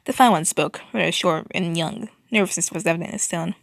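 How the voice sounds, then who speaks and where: A woman's voice: fairly low pitch, fast talker, vocal fry, hardly any pauses, dry recording, clean studio sound. A woman reading fan fiction aloud, stumbling and restarting, with a wry tone.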